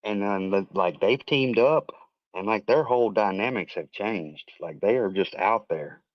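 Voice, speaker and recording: Male, heated rambling talker who swears freely, low voice, dry lo-fi audio. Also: a little slow, no room sound. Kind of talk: casual chat.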